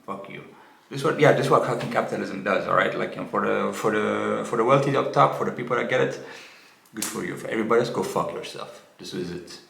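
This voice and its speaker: A man's voice: fairly low pitch, fast talker, creaky, a bit bright, echoey room. A man reacting to a clip in angry, sarcastic commentary, swearing heavily and restarting his sentences.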